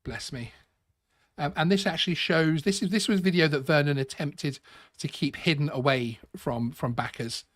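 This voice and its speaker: A man's voice: a little high, fairly bright tone, no echo. A man hosting a live stream, talking casually with many restarts and a sarcastic edge. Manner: halting, repeats words, sarcastic. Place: home studio.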